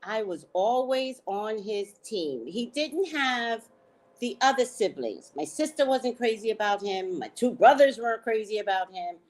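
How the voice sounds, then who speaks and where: A woman hosting a casual chat, telling a story at an unhurried pace. Her pitch swoops widely as she laughs and checks in with "right?", and her talk is frank and salty. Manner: animated, laughing, keeps checking in with 'right?'. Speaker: host.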